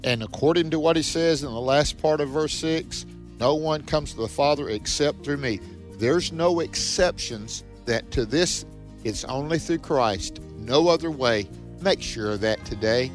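A man's voice: a little high, measured pace, faint music behind. A man co-hosting a radio Bible discussion, speaking emphatically and often restarting his phrases. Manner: emphatic, repeats words when starting phrases. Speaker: radio co-host.

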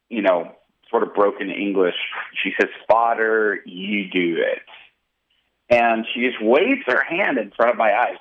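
A male pastor telling a personal testimony in an interview, animated and vivid. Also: lowish voice, dull audio. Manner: animated storyteller, acting out quotes.

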